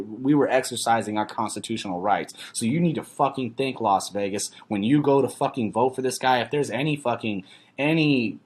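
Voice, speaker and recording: A man from the US delivering an angry, profane rant, cursing and shouting his accusations. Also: mid-range voice. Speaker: activist speaking out.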